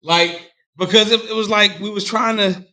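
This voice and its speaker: A man's voice: high voice, fairly even intonation, normal speed, bright, forceful tone. Man telling a rambling story. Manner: rambling, profane anecdote telling. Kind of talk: casual podcast chat, storytelling.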